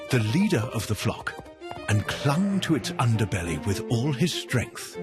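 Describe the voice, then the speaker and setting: Slow, lively male storyteller. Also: medium pitch. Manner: expressive, drawn-out, emphatic. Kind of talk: dramatic storytelling narration.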